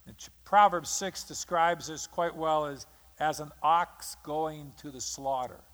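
A man preaches a sermon in a fairly high voice. He tells the story with drama and acts out the lines of the people in it. His voice rings out in a hall with long reverb. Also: unhurried, a bit bright. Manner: dramatic storytelling, acting out quotes. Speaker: pastor.

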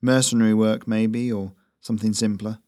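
A man doing a gravelly burly enemy sergeant. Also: on the low side, moderate pace, no room sound, studio quality, natural voice. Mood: resigned. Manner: flat, blunt.

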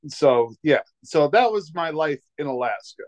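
A comedian from Montana appears as a guest, telling stories animatedly in casual chat and laughing often. His voice is on the high side, and he speaks at a measured pace.

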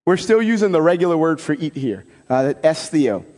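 A man preaching a homily as a priest, in a conversational and animated way with folksy asides. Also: fairly high pitch, brisk. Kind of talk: sermon. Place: church. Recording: long church reverb.

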